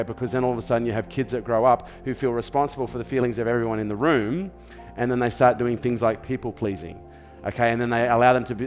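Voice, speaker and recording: A man's voice: medium pitch, a little mellow, big-room sound. An Australian man speaks in a firm motivational style, his voice sitting in an ordinary middle register. He repeats key phrases for emphasis and keeps checking that the listener is following. It sounds like an interview where he hands out advice as a coach. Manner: emphatic, repetitive, asks "okay?" and "does this make sense?". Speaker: business coach sharing parenting advice.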